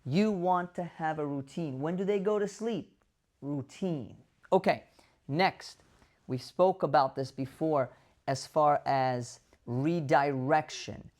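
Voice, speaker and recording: A man who is a doctor giving direct-to-camera advice to dementia caregivers, animated, asking rhetorical questions and acting out the voices he quotes. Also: on the high side, takes it slowly.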